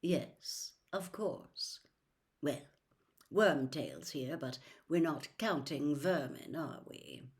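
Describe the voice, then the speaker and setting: Storybook cold sneering male wizard, low and drawling; woman voices him. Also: animated, drawn-out words, heavily acted. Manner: lazy, silky and sneering. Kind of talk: audiobook reading.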